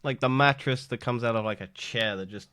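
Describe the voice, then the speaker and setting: A man's voice: medium pitch, fairly quick, fairly bright tone, clean tone, dry recording, clean studio sound. A man who is sick, co-hosting a podcast in casual chat, rambling and joking with lots of fillers and laughs. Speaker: podcast co-host. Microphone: studio microphone.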